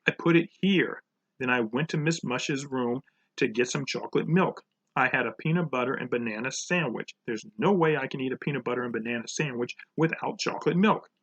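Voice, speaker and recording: A man's voice: mid-range voice, a little fast, fairly bright tone, breathy edge, muffled recording. A man voicing a young schoolgirl who anxiously pleads about her missing lunch. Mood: worried.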